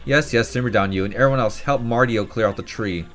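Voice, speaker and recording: A man's voice: mid-range voice, fast talker, a bit bright, natural voice. A man putting on a bossy old elder woman. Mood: grumpy. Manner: barking, scolding, impatient. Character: cranky old female tribal elder, bossy scold. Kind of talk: voiced game playthrough.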